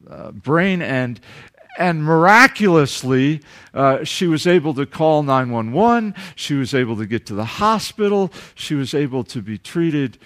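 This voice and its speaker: A man with a Southern US accent preaching a sermon as pastor, swinging from loud emphatic rises to quiet asides. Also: medium pitch.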